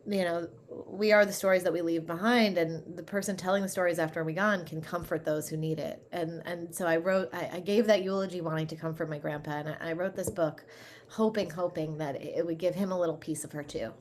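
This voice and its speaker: A woman in her thirties, an author, speaks briskly in a fairly low, steady voice during an interview. She talks animatedly, laughing often, with many fillers and restarts.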